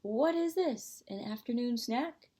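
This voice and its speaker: A woman's voice: on the high side, animated, measured pace, mellow, breathy edge, pitched above the performer's own voice. Woman doing a roaring, mocking lion. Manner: roaring, scoffing laugh. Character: big gruff mocking male lion.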